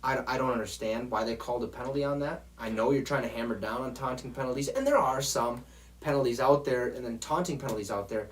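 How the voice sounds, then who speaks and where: A man's voice: mid-range voice, lively intonation, quick pace. A man hosting a football show, ranting in a profane, exasperated way straight to his viewers. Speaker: sports show host. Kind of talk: heated football rant.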